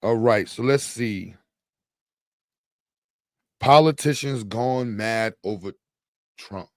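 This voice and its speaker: Low-voiced man rambling on a livestream. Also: takes it slowly, no room sound, clean studio sound. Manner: rambling, slangy, loose and joking. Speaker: livestream host. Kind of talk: casual live chat with viewers.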